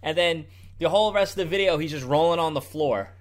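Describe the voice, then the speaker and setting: A man hosts opinion commentary over video clips and argues point by point in a combative tone. He turns sarcastic and mocks his opponents, and his voice sits a little high. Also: brisk, very noisy. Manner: argumentative, sarcastic, mocking mimicry of opponents. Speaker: political commentary host.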